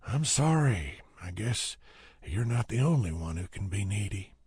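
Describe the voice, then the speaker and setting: A man's voice: on the low side, very animated, a little slow, a little mellow, husky, dry recording, studio quality, full character voice. A man voicing a wry, self-mocking young woman who teases with needling questions in an audiobook. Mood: teasing.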